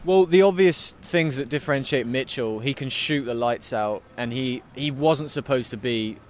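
Man, podcast host, teasing, conversational, mid-pitch, faint outdoor noise. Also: moderate pace. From England. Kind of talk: casual interview chat. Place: sports arena after a game.

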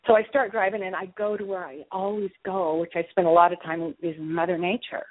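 A woman's voice: lowish voice, little pitch movement, a little fast, no echo. A middle-aged woman, an author, telling a personal story in a casual interview and acting out her own reactions as she goes. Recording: dry, tinny phone line.

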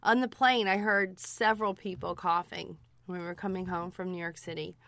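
A woman, a nurse practitioner co-hosting a podcast, her voice hoarse from a cold, chatting easily. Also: fairly low pitch, steady tone, moderate pace, a bit bright, dry recording. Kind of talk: casual podcast chat.

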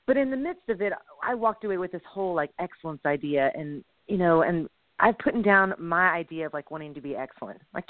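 A woman's voice: lowish voice, a little fast, dry recording. A woman co-hosting a Christian comedy radio show, chatting animatedly and laughing at herself. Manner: animated, chatty, laughs often, self-deprecating. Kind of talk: casual chat. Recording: tinny phone line.

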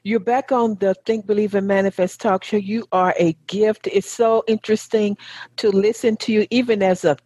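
A woman's voice: medium pitch, steady tone, normal speed, a little mellow, no room sound. A woman with a Southern accent hosting a talk show, effusive and encouraging toward her guest. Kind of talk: casual interview chat.

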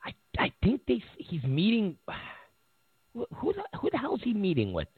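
A man's voice: high voice, wildly swooping pitch, moderate pace, slightly rough, dry recording. A man hosting casual political commentary who mocks his opponents, repeats his points and laughs at his own remarks. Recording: tinny phone-like audio.

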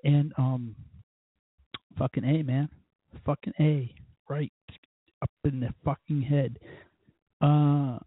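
A man's voice: mid-range voice, steady tone, slow, long pauses, no room sound, phone-quality sound. A man hosting his own podcast, talking in a rambling, self-deprecating way and cursing constantly. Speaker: podcast host. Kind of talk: rambling, profane solo podcast talk.

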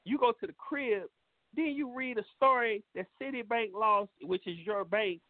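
A radio show host delivers a preachy, casual monologue full of blunt, profane advice. His voice is high-pitched at a moderate pace, with no echo but a tinny, phone-like sound.

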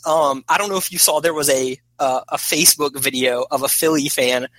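Bright-voiced opinionated man talking sports. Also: medium pitch, steady tone, brisk, few pauses, no room sound, poor audio. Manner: rambling, opinionated sports fan. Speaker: podcast guest. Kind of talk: casual chat.

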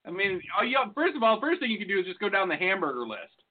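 A man's voice: sits high, sing-song, quick pace, breathy edge. A man co-hosting a podcast, joking and rambling in casual banter. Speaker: podcast co-host. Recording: phone-like lo-fi audio.

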